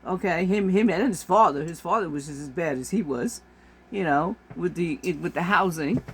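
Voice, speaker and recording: A female vlogger rants to camera, exasperated and emphatic, repeating her points to drive them home. Her voice is on the low side, slightly rough, and moves at a moderate pace.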